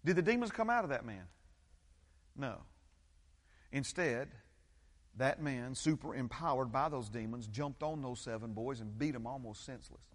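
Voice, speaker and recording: A man's voice: mid-range voice, animated, normal speed, pauses often. A man preaching a sermon as pastor, emphatic and repetitive, often checking in with the congregation. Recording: long hall reverb.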